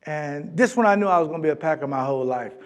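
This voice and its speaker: A man's voice: on the high side, fast talker, muffled recording. A middle-aged man from Florida, a keynote speaker telling a comic story to a live audience and acting out voices as he goes. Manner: animated, comic, acts out voices in his anecdotes. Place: large event hall.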